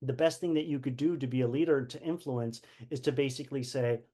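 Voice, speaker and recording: A man's voice: mid-range voice, a little fast, mellow. A man giving an earnest personal leadership lesson, often repeating words and acting out remembered conversations. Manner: earnest, repeats words, acts out quoted dialogue. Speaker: leadership course teacher. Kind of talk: personal teaching talk.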